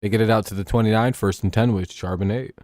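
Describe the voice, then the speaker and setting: Casting: man, low voice, tired live-stream host, loose and joking, dry close sound. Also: steady tone, quick pace, a little mellow, no echo. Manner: rambling, joking, swearing, sleepy. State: tired and yawning. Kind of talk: casual game watch-along commentary.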